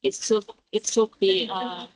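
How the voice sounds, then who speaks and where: A woman presenter on a video call answers a panel question about her research. She speaks haltingly, filling her pauses with many uhs. Her voice sits at an ordinary middle pitch. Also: steady tone, a crowd in the background, poor audio. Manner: hesitant, with frequent uhs and halting phrasing.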